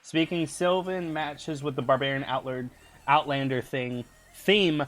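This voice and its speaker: A man's voice: on the high side, measured pace, a bit bright, soft background music. A man running a tabletop game on a casual stream, laughing often, rambling and reading chat aloud.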